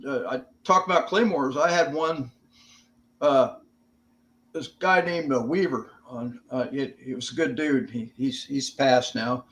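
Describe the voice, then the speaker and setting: A veteran guest from the United States, older, recounts stories on an interview podcast in a plain, easygoing manner that includes some swearing. He has a mid-range, slightly bright voice and an unhurried delivery.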